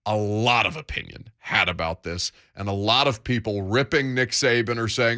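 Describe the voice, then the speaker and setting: A man's voice: fairly low pitch, normal speed, sharp tone. A man hosting a sports radio show, bantering with his guest in a wry, joking way. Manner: wry, dry jokes.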